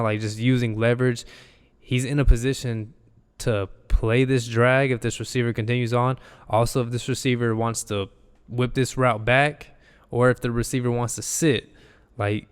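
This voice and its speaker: A man's voice: medium pitch, clear, resonant tone, big-room sound. A young man, an enthusiastic football analyst, talking loosely through game film and repeating himself as he goes. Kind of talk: casual film breakdown.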